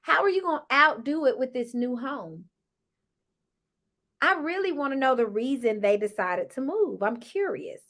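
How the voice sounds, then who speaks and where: Woman, high voice, casual TV recap, sassy, chatty, animated. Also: normal speed. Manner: animated, acts out cast members' lines; sassy, chatty, laughs often. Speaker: reality TV recap host.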